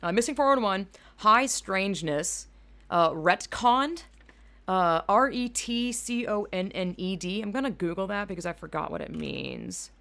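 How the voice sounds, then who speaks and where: A young woman hosting a casual solo podcast from home, rambling through animated asides and swearing freely. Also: mid-range voice, a little slow. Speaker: podcast host. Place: home room at a computer. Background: keyboard clacking.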